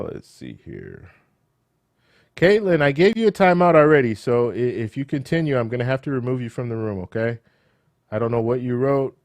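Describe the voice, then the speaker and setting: A man hosting a live show, who says he is losing his voice. He talks in a casual, animated way, with rhetorical questions, repeated words and restarts. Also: medium pitch, no echo. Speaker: livestream host. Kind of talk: casual live commentary and chat Q&A.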